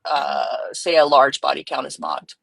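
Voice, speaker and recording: A woman's voice: extremely low pitch, very animated, vocal fry, fairly bright tone, breathy edge. A woman chiming in casually from off-camera during a livestream, jumping in to correct the host. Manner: quick interjecting, correcting the host. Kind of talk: casual live-stream chat.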